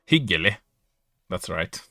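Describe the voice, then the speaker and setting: A Norwegian man, speaking English with his native accent as a podcast guest or player, chats casually, hesitating, correcting himself and laughing often. His low voice is sing-song and measured, with vocal fry, and music plays in the background.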